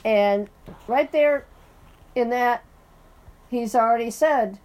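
Slow-talking woman with a higher voice. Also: darkish tone. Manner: unhurried, thinks aloud with pauses and fillers. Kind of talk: casual book discussion.

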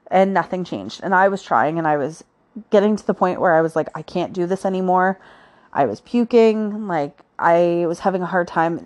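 A woman hosting a podcast, telling her own story in a chatty, casual way with frequent fillers. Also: medium pitch. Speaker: podcast host.

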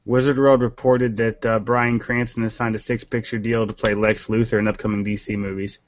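A man's voice: fairly low pitch, flat delivery, brisk. A man guesting on a podcast, hesitant and full of fillers, with a dry sense of humor in casual chat. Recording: dull lo-fi call audio.

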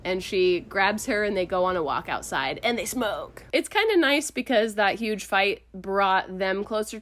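A woman casually recapping a film plot to friends, as an animated storyteller. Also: mid-range voice.

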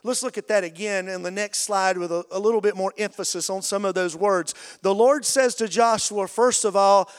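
High-voiced pastor in a reverberant hall. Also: male voice, moderate pace, few pauses, smooth. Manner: energetic call-and-response preaching. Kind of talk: sermon. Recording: long reverb of a large hall.

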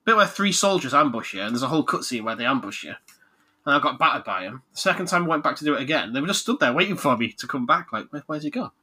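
Animated guy, bright voice. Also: mid-range voice, fast, slightly rough. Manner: animated, jokey, laughs a lot. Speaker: podcast host, game reviewer. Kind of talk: casual chat.

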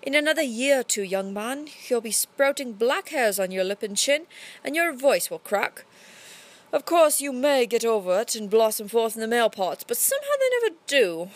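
A woman's voice: fairly high pitch, moderate pace, close to an everyday voice. A woman voicing a gloomy old theatre manager. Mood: mournful. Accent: English, put on. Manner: solemn, rising to excited pleas. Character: theatre manager, older man, gloomy and fervent.

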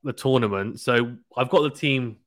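A man's voice: mid-range voice, normal speed, fairly bright tone, dry recording. Chatty male podcast host, dry close sound. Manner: chatty, teasing, laughs often. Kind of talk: casual cricket podcast chat.

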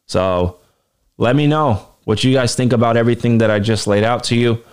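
A man's voice: mid-range voice, normal speed, clear, resonant tone. Profane, self-assured male podcast host. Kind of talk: casual solo commentary.

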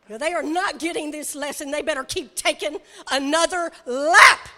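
Woman, sermon, very high pitch, hammering repetition, long hall reverb. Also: normal speed, hardly any pauses. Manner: emphatic, repetitive, rising to shouts. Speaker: preacher.

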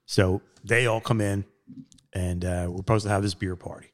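A middle-aged man, hosting a casual podcast chat and telling stories with lively quoted voices and frequent laughs. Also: normal speed. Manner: animated storyteller, jumps into high put-on quotes, laughs often. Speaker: podcast host.

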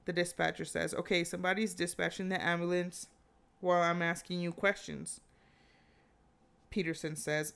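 A woman chatting casually, retelling a true-crime story with animated quoted lines and frequent fillers. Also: on the low side, moderate pace, gravelly, smooth.

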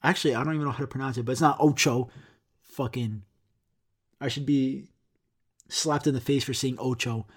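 A man's voice: mid-range voice, steady tone, brisk, long pauses, husky. A man hosting a podcast, ranting in a rambling, profane and self-mocking way. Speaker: podcast host. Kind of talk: casual podcast rant.

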